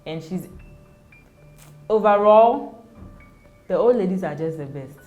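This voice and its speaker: A woman's voice: on the low side, lively intonation, takes it slowly, phone-quality sound, faint music behind. A young Ghanaian mother in a casual interview, speaking animatedly, often laughing and acting out quoted voices. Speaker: interview guest, mother of two.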